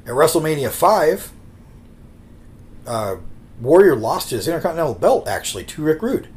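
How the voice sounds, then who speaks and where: A man's voice: a little high, sing-song, moderate pace, a little mellow. Chatty man telling wrestling stories. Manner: rambling anecdotes with acted quotes. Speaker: podcast co-host. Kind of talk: casual storytelling chat.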